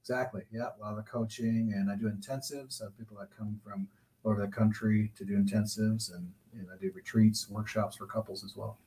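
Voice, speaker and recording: Man counselor guest, slow careful advice, lowish voice. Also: fairly even intonation, warm tone, poor audio. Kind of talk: calm advice-giving talk.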